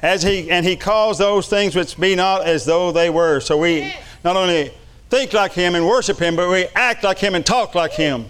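A man's voice: sits high, normal speed, a bit bright. Fervent preacher man. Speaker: pastor. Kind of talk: sermon.

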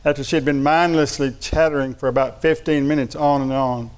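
A man's voice: medium pitch, fairly even intonation, a little fast, clear, resonant tone. A man preaching a sermon, reading funny anecdotes aloud and laughing along, then turning earnest. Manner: shifts between light storytelling and earnest preaching.

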